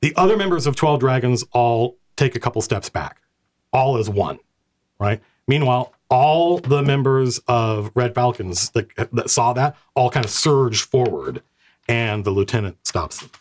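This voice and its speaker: A man acting as game master, narrating a tabletop game with animated, self-correcting storytelling. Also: medium pitch, a little slow.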